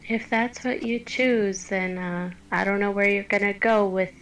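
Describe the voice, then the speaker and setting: A woman at a tabletop game talks in a slow, hesitant way full of fillers. Her voice is gravelly and sounds distant from the mic. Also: mid-range voice, steady tone, a bit bright. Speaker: player. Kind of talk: tabletop role-play.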